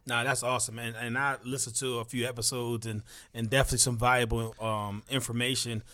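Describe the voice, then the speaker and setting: A man's voice: medium pitch, flat delivery, bright, forceful tone. Encouraging male podcast host. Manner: encouraging, with quick affirmations. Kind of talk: interview host, casual chat.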